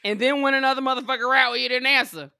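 A woman's voice: high-pitched, fairly even intonation, fast talker, sharp tone, clear, resonant tone. Blunt, profane woman teasing her friend. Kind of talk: casual chat among friends.

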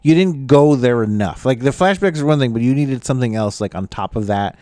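A man's voice: medium pitch, expressive, brisk, warm tone, no echo. A man co-hosting a casual movie review podcast, swearing freely and acting out lines from the film in mock voices. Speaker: podcast co-host.

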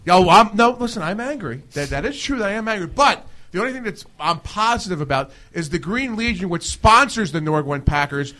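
A high-pitched, hugely animated man hosts a podcast in loose studio banter. His voice is bright and forceful as he rants and jokes at speed. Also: brisk, hardly any pauses. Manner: excitable, ranting, jokey. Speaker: podcast host.

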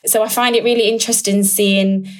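A woman's voice: mid-range voice, fairly even intonation, a little fast. A woman, a secondary German teacher and mother, chatting and laughing on a video call. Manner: chatty, rambling, laughs often. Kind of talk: casual podcast conversation.

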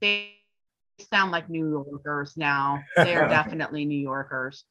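A woman's voice: low-pitched, measured pace, bright, forceful tone. A middle-aged woman from Wyoming, a professor and guest, chatting casually with lots of fillers and "you know". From Wyoming, USA. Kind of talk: casual conversation. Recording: dull lo-fi sound.

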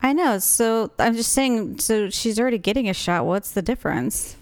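A woman's voice: on the high side, lively intonation, normal speed, no room sound. Woman listening and asking short questions. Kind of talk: casual chat.

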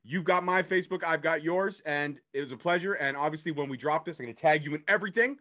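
A man from Ontario hosting a casual podcast interview, animated and joking. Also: a little high, fast. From Ontario, Canada. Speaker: podcast host.

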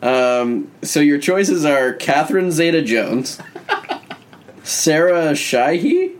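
A man's voice: fairly high pitch, slow pace. A man co-hosting a casual group podcast, wry and explaining the rules. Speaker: podcast co-host.

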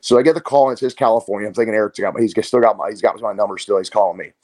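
Racing along in a low voice, a martial arts coach chats casually as an interview guest. His storytelling is animated and full of quoted voices.

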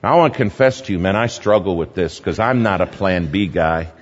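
A man's voice: deep voice, animated, fairly quick. A man preaching a sermon, telling stories with animation and repeating his numbered points. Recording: dull lo-fi sound with long hall reverb.

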